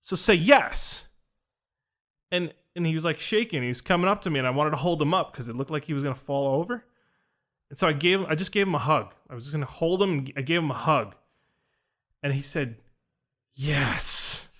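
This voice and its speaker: A man with a slightly raised voice tells a story in a relaxed podcast chat. He talks with animation and acts out the lines of the people in his story. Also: on the high side, quick pace. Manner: animated, acts out quoted dialogue. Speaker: podcast host recounting an experience.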